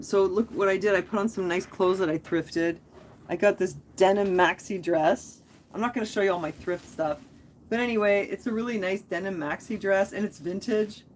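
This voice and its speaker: A woman's voice: lowish voice, a little hiss or hum. A woman hosting a casual live stream, talking in a rambling, chatty way that jumps from topic to topic.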